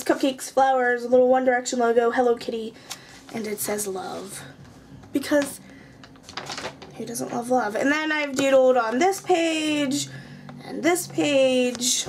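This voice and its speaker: A young woman rambles casually in a show-and-tell vlog, showing her art journal at home and poking fun at herself. She sounds chatty and high-pitched, with slight noise in the background.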